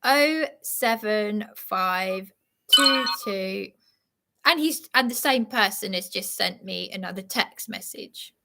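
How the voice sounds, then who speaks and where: Slow, bright-voiced flustered woman. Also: a little high. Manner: flustered, agitated, apologetic. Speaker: live streamer. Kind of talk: rambling live-stream chat.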